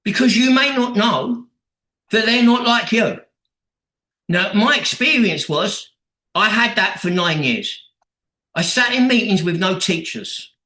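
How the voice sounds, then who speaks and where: Man, high voice, bright tone, blunt and profane, acts out quotes, recovery meeting share, echoey room. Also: lively intonation, measured pace, long pauses. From England.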